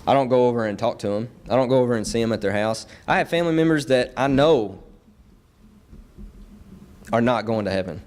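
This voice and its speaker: A man's voice: mid-range voice, fairly quick, long pauses, a little mellow. A young man preaching a sermon in a church, earnest and building his points through repeated phrases. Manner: earnest, repetitive emphatic phrasing.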